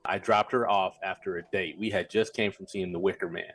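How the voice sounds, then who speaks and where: Guy with a lowish voice rambling thru a scary story on a podcast, dry close sound. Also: steady tone, a little fast, fairly bright tone, husky, dry recording. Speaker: podcast co-host. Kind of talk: casual chat, telling a story.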